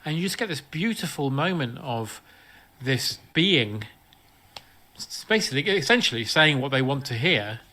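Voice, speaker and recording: Bright, rambling man. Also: mid-range voice, very animated, moderate pace. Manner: retells plot in a rambling way with restarts, enthusiastic. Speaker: podcast co-host. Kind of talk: casual comedic film chat.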